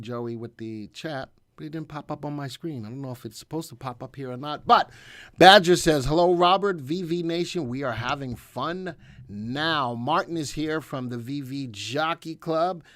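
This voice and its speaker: A man's voice: medium pitch, fairly bright tone, dry recording. A man hosting a casual live stream as a senior instructor, chatting and reading viewer comments aloud. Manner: chatty, reads out viewer comments, talks to an off-camera helper. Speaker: senior instructor and livestream host.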